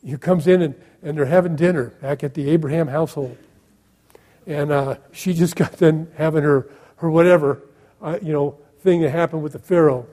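A man's voice: on the high side, fairly even intonation, moderate pace, mellow. A man preaching a sermon in a conversational way, asking his listeners questions and making sarcastic asides. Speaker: pastor.

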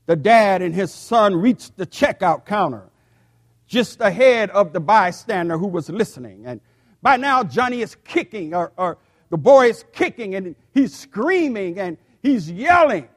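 An older man in his sixties preaching a sermon to a church, speaking slowly and deliberately and sometimes repeating words. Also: sits high, sing-song. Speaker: pastor.

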